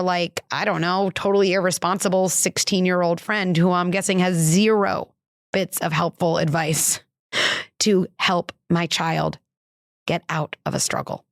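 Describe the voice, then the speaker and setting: A woman's voice: no echo, studio quality. A woman hosting a parenting podcast, telling a personal story in a candid, conversational way and acting out quoted lines. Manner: candid and conversational, many "like" fillers; acts out quoted dialogue with lifted pitch. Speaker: parenting psychologist and podcast host.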